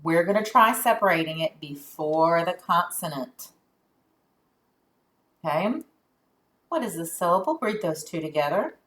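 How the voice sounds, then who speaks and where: A woman teacher giving a phonics lesson to young children, sounding out letters and syllables deliberately and praising answers. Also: lowish voice, animated, fairly bright tone.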